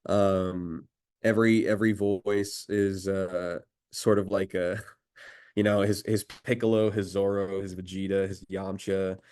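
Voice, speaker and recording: A man's voice: sits low, dark tone. A man from the United States, a voice actor talking in a casual interview with an enthusiastic, admiring manner. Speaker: voice actor guest.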